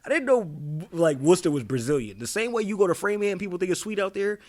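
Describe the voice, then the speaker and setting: An animated young man from tells stories on a casual podcast. His voice sits a bit high and swings widely in pitch as he acts out other people's voices. He swears freely and laughs often. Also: fast. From Boston. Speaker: podcast co-host. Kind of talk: casual storytelling chat.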